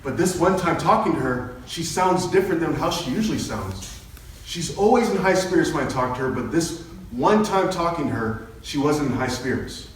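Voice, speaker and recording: A young man with a slightly high, expressive voice speaks at a moderate pace, sharing his own story earnestly with a meeting and quoting both himself and others. He is far from the microphone in a very echoey hall, with a little hiss or hum on the recording.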